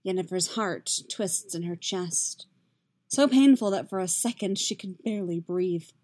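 Slow, soft-spoken woman reading fiction. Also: lowish voice. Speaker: reader. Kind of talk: audiobook-style fiction reading.

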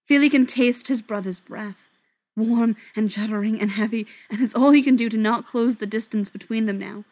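A woman narrating a story in a soft voice that often drops to a whisper. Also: on the high side, moderate pace. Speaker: story reader.

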